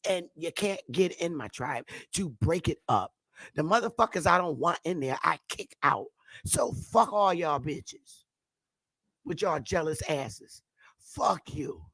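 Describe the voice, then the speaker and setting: Woman ranting on a vlog, brash and taunting, slow but pitch jumping all over, dry close sound. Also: pushed and bright, husky, no echo. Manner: brash, taunting, laughs often. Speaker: vlogger. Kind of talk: profane ranting monologue.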